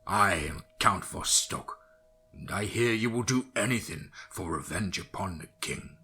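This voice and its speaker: A man voicing a sinister vampire count who speaks slowly and with menace. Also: low-pitched, expressive, pushed and bright, exaggerated voice. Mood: menacing. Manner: very slow, menacing. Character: sinister pale male vampire count, commanding.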